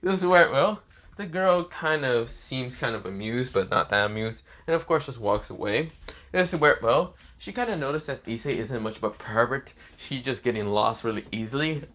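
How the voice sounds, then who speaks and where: A man's voice: medium pitch, lively intonation, normal speed, fairly bright tone. A man casually narrating a fan-fiction story, rambling with many fillers and swearing now and then.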